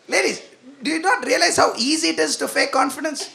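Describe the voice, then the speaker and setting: A young man performing a stand-up comedy set, animated and self-mocking as he talks to the crowd. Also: very high voice, quick pace, gravelly, noisy background. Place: comedy venue with live audience.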